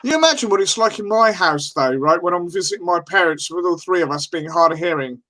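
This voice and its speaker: A man's voice: sits high, lively intonation, brisk, pushed and bright. A man chatting casually on a live stream, rambling and swearing in laughing banter.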